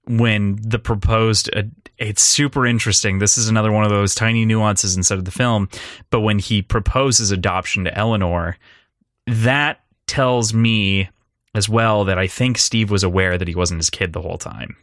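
Young man, lowish voice, casual film podcast talk, rambling and animated, dry close sound. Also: normal speed, no echo. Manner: rambling and animated, with laughs and restarts. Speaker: podcast co-host.

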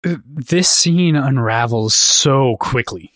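A man co-hosting a casual book discussion podcast, playful and quick to laugh. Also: mid-range voice, no room sound, clean studio sound. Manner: animated, laughs often, playful. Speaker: podcast co-host.

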